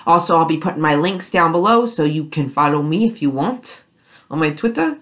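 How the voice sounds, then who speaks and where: A woman's voice: low-pitched, expressive, a little fast, a bit bright. A young woman vlogging, gushing and rambling with lots of fillers as she reacts to a TV episode. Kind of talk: excited fan reaction vlog.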